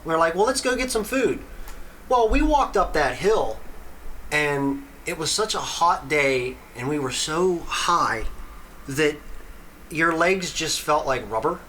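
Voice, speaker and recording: Bright-voiced man telling a story. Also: on the high side, takes it slowly, slight background noise, low-quality recording. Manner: animated, swearing storyteller. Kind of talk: casual storytelling.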